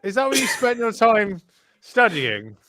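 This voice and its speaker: A man's voice: high-pitched, huge pitch swings, unhurried, bright, forceful tone, dry recording, clean studio sound. Cheeky, swearing male race commentator. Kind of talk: live race commentary banter.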